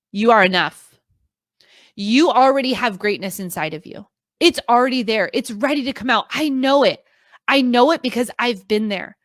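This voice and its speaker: A woman's voice: on the high side, a bit bright, no room sound, studio quality. A woman in her thirties giving a motivational talk to a live online audience as a video coach, earnest and emphatic, repeating her key phrases. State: emotional, near tears at times.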